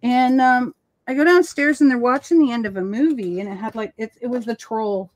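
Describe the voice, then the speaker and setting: A woman chatting casually on a live stream, telling animated stories and acting out the voices of people she quotes. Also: a little high, brisk, dry recording. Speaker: co-host of a live crafting stream. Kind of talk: casual chat. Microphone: live stream call.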